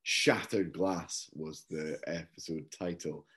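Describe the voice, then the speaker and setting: A man co-hosting a football podcast, chatting in a relaxed, rambling way with lots of fillers. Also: rumbling low, takes it slowly. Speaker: podcast co-host. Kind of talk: casual chat.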